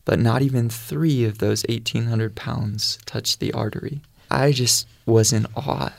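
A man's voice: mid-range voice, steady tone, measured pace, gravelly, few pauses, dry recording. A man telling his faith testimony in an earnest, storytelling way. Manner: earnest storytelling, quotes his own prayers. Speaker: guest sharing testimony.

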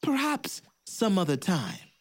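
A man voicing a calm, knowing mother in a folk tale, speaking in a low, gentle, warning way. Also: slow, husky, full character voice.

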